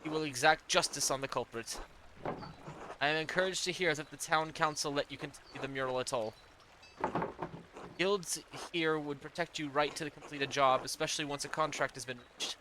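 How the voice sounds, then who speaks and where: Gentle young letter-writer read by a male gamer, slightly higher voice, noisy recording. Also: fairly even intonation, moderate pace, natural voice. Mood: earnest. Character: earnest young woman writing a kind letter.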